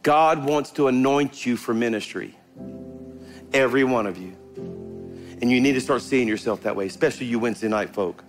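A middle-aged man preaching a sermon to his congregation, emphatic and animated, calling out to the crowd and rising into bursts of fervor. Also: medium pitch, moderate pace, long pauses, faint music behind. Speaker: pastor. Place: church sanctuary before a congregation.

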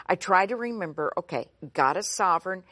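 A woman's voice: lowish voice, lively intonation, a little fast, a bit bright, dry recording, studio quality. A woman voicing an anxious, overwhelmed churchgoer who pleads in frustration. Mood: pleading.

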